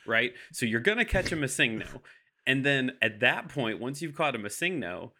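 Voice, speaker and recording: Man, comedy podcast panelist; bright, punchy voice, escalating hype. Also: medium pitch, sing-song, normal speed. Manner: escalating, over-the-top hype. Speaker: podcast panelist pitching a game. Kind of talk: comedic improv pitch.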